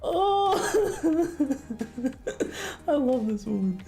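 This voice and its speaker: A woman's voice: sits high, big pitch swings, very slow, dark tone, soft background music. A woman livestreaming, telling a story in giggly casual chat.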